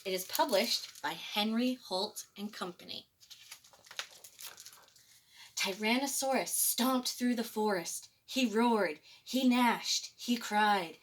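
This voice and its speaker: A woman librarian reading a picture book aloud to children, expressive and chuckling. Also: mid-range voice, slow pace, a little hiss or hum. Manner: expressive, chuckling between pages.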